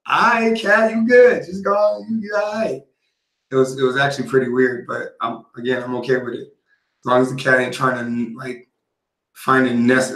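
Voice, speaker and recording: A man's voice: medium pitch, bright, forceful tone. Laid-back man rambling in an echoey room. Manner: laid-back, meandering, lots of ums. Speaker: livestream host reacting to a video. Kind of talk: casual rambling chat.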